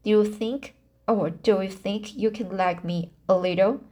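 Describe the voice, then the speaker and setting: A woman's voice: medium pitch, fairly even intonation, dark tone, lightly acted. Anne, an eager dreamy girl, read by a woman. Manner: slow, halting reading with restarts.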